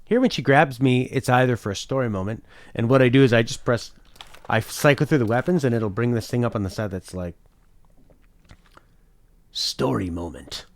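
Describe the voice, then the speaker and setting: A man's voice: mid-range voice, quick pace, dry recording. A man casually commenting on a game as its reviewer, rambling and wry as he thinks aloud.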